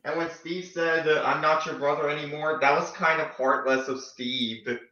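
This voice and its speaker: A young man chatting casually on a stream, sounding tired and halting, with many fillers. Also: on the high side, fairly even intonation, sharp tone. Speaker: stream co-host. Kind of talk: casual chat. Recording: lo-fi, echoey room.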